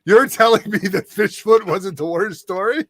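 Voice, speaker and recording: A man's voice: high-pitched, fairly bright tone, no room sound. A man co-hosting a casual live-stream chat, throwing in joking wisecracks. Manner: joking banter, quick wisecracks. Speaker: comic book show co-host.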